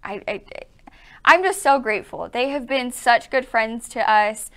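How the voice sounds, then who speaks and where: A woman's voice: on the high side, a little slow, pushed and bright, clear, resonant tone. A young woman co-hosting a quilt shop livestream, bubbly and gushing, laughing often as she chats. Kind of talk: casual livestream chat.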